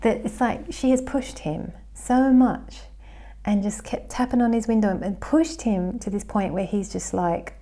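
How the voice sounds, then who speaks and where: A woman's voice: mid-range voice, unhurried, mellow. An Australian woman talking casually to camera about astrology at home, thinking aloud with small restarts.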